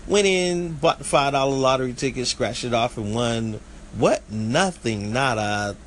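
A man's voice: mid-range voice, measured pace, slight background noise, rough recording. A man from the southeast United States with a Southern country accent, hosting a casual solo podcast in a folksy way that sometimes stumbles over words. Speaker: podcast host.

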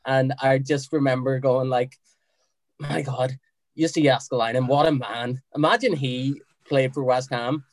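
A young man telling a story in casual chat, relaxed and hesitant with many fillers. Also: mid-range voice, moderate pace, no room sound.

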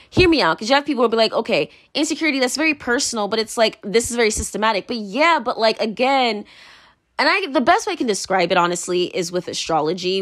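A woman vlogging her opinions in a rambling, heated, profane rant full of fillers. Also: mid-range voice.

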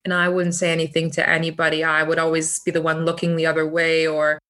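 A woman in her thirties chatting reflectively about parenting, often pausing and restarting her sentences. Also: sits low, completely flat delivery, fairly bright tone. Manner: hesitant, many restarts and fillers. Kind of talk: casual chat.

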